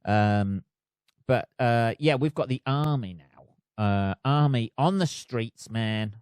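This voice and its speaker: A man's voice: medium pitch, expressive, slow, darkish tone, clean tone, no room sound, studio quality. A man hosting a podcast alone, rambling in a sweary, self-mocking way. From United Kingdom. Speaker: podcast host. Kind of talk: casual solo rant. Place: flat.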